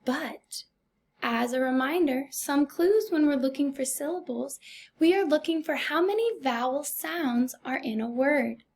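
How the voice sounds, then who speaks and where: A woman with a high voice leads a recorded first grade phonics lesson. She talks slowly and deliberately, with an encouraging teacher's manner.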